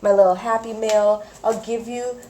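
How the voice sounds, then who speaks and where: A woman vlogging about craft mail, gushing and excitable, with gasps, whispers and squeals. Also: fairly high pitch, moderate pace, slight background noise. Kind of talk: casual chat to camera.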